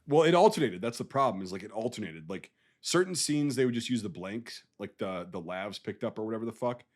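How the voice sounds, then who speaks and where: A man's voice: fairly low pitch, lively intonation, brisk. A man co-hosting a war movie podcast, talking casually and bluntly, swearing often about gun details. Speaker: podcast co-host. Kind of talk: casual chat.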